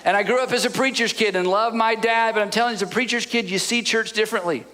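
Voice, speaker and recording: A middle-aged male pastor with a high, bright, forceful voice speaks fast in a heartfelt sermon. He tells stories earnestly, repeating "I'm telling you," and grows emotional, choking up at times.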